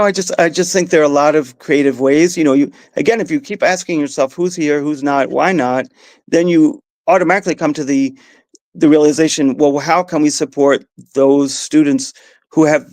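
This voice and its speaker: A man's voice: fairly high pitch, vocal fry, no echo. Man with a Mid-Atlantic Southern accent. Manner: thoughtful, with frequent restarts and soft laughs. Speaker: guest, education advocate. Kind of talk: conversational interview answers.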